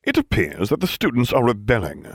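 A man's voice: mid-range voice, wildly swooping pitch, fairly quick, slightly rough, dry recording, pitched above the performer's own voice. Cold drawling teacher guy, man doing the voice for an audiobook, dry close sound. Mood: sneering. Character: sardonic middle-aged male schoolmaster, cold and sneering. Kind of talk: audiobook reading.

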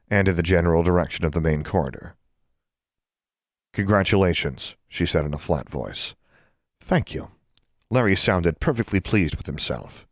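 An audiobook narrator with a deep voice tells a story in expressive, scripted narration. The studio sound is clean, with no room sound.

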